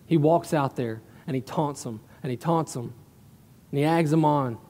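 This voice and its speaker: A male pastor preaches a sermon in a relaxed, storytelling way, leaning on emphatic asides. His voice is fairly high, and it rings out through a church sanctuary with a long reverb tail. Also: moderate pace.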